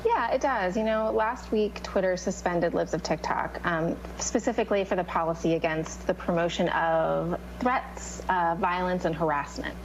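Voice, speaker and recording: A woman's voice: lowish voice, moderate pace, hardly any pauses. A woman speaking as a news panelist, wry and conversational in a panel discussion. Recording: dull broadcast clip with faint hum.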